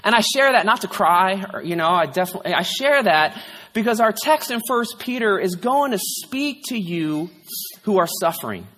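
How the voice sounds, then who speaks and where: A man's voice: high voice, lively intonation, moderate pace, bright, forceful tone. A male pastor preaching a candid, conversational sermon, sharing a personal story. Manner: candid, conversational, tearful at times, frequent "right?". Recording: long hall reverb.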